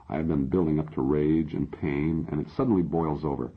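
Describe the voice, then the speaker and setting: Very deep, husky male audiobook narrator. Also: fairly even intonation, brisk, hardly any pauses. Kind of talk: first-person audiobook narration. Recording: dull lo-fi audio.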